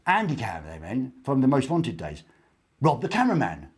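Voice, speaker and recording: A man's voice: mid-range voice, wildly swooping pitch, a little fast, noisy background. A man hosting a live stream, talking in a playful, jokey way. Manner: playful, jokey, mock-dramatic. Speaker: host. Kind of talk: casual live-stream chat.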